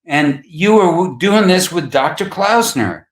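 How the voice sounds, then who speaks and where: A man doing an excitable older actor. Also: unhurried, reverberant. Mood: eager. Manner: high, eager, wondering tone. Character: chatty older male actor, eager and excitable.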